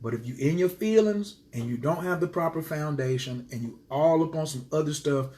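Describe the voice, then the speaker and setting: A man's voice: fairly high pitch, fairly quick, a little mellow. A man teaching astrology to his viewers in a casual live stream, speaking passionately and emphatically and driving his points home by repeating them.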